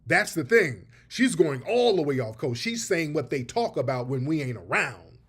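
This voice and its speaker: Male host, pointed emphatic commentary, a little higher voice. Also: sing-song, normal speed, husky. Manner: emphatic, addresses audience as family. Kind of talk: commentary on played clips.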